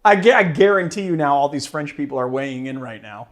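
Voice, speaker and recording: A man's voice: medium pitch, fairly quick, few pauses. A man hosting a cocktail show, chatting casually about a drink he is tasting, rambling and self-deprecating and laughing easily.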